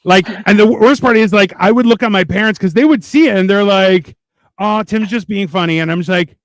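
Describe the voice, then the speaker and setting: A man's voice: high voice, fairly quick, no room sound. A man on a casual podcast chat, blunt and crude, telling jokey stories. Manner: jokey, storytelling. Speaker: podcast co-host.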